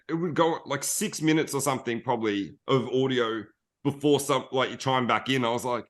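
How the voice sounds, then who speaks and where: Australian man, podcast guest, chatty and rambling, mid-pitched. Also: a little fast. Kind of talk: casual podcast chat.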